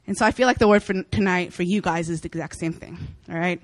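A young woman preacher giving a casual sermon, chatty and animated, often laughing as she tells stories. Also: medium pitch, quick pace, hardly any pauses, dry recording. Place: church meeting room.

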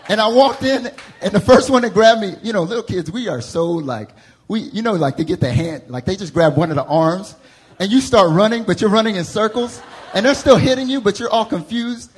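A young man with a Southern US accent, preaching a sermon to a congregation as a lively, laughing storyteller who acts out the voices in his stories. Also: high voice, brisk, slight background noise. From American South. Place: church service before a congregation.

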